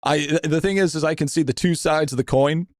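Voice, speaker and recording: Talking a little fast on a dry, studio-quality recording, this young man rambles through a casual live-stream rant while gaming and reading chat. He swears a lot, stammers and restarts, repeats himself, and his voice jumps up when he vents.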